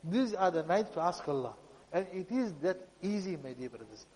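High-voiced male preacher, pleading sermon. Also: sing-song, normal speed, big-room sound, low-quality recording. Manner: pleading, emotional delivery, often drops to a soft voice. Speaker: Islamic preacher.

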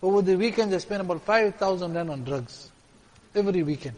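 A man preaching a sermon with stories, repeating lines and swinging from loud to hushed. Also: high-pitched, lively intonation, fairly quick. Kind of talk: sermon with storytelling. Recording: reverberant hall.

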